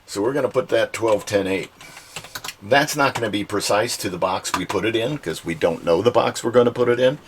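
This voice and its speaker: Deep-voiced folksy man vlogging. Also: brisk, noisy background. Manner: folksy, joking asides. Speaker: online reseller and channel host. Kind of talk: casual vlog narration. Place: home storage room.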